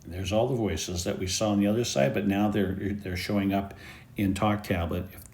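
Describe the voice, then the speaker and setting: Male presenter, lowish voice, relaxed walkthrough of app settings. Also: normal speed, vocal fry. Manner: easygoing step-by-step explaining. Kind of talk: screen-recorded app tutorial.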